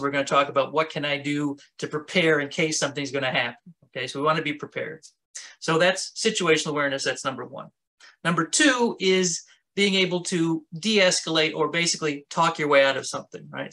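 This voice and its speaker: A man with a slightly high, sharp-toned voice teaches a self-defense workshop at a fairly quick pace. His instruction is casual and conversational, and he talks with his hands.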